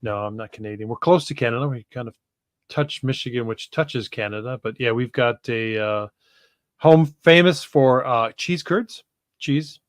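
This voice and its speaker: A man from Wisconsin, co-hosting a podcast in casual chat, easygoing and laughing often, with many pauses and uhs. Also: mid-range voice, dry recording. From Wisconsin, USA. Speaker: podcast co-host, regional coordinator. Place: home room with books.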